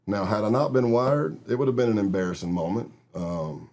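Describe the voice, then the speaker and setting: A man's voice: fairly low pitch, lively intonation, brisk, darkish tone, a little hiss or hum. A middle-aged man from Texas, a guest telling vivid stories in a casual interview and acting out other people's lines. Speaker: guest, retired FBI agent.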